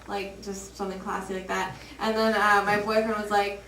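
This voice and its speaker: A woman doing open mic stand-up, chatty and exasperated, with a bright voice. She is heard from a distance in an echoey club room with faint ambient noise. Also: mid-range voice, level tone, brisk. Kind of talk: stand-up comedy. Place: comedy club.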